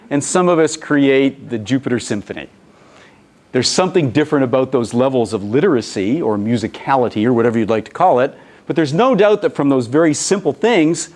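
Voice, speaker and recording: A man giving a conference presentation in an animated, storytelling manner, often slipping into the voices of the people he quotes. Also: mid-range voice. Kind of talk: lecture presentation.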